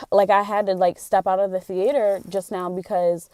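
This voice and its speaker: A young woman speaks in a casual vlog, venting her frustrations openly and earnestly. Her voice is mellow and warm, and the recording sounds dry and close. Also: medium pitch, level tone, normal speed, no room sound. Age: young adult. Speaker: college theater student.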